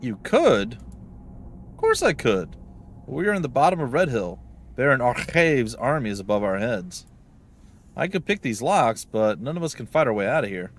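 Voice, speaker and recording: A man's voice: mid-range voice, big pitch swings, moderate pace, slight background noise, close to an everyday voice. A man voicing a cocky male thief in a game, wry and matter-of-fact.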